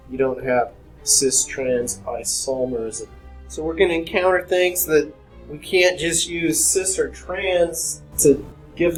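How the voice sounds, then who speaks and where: A man's voice: a little high, low-quality recording. A man teaching organic chemistry in a classroom, casually explaining and asking his students questions. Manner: conversational, addresses students with questions. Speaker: chemistry lecturer. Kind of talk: classroom lecture.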